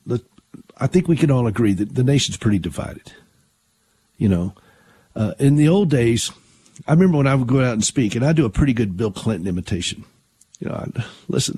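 Husky older man hosting talk radio. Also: mid-range voice, warm tone, no room sound. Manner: earnest, conversational, with frequent restarts. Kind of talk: conservative Christian talk radio.

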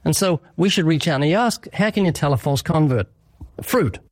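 With a fairly high yet darkish voice and lively intonation, a man talks at normal speed in clean studio sound without echo. He is an evangelist guest whose interview answer turns to preaching, earnest and emphatic, punctuated by short exchanges he acts out.

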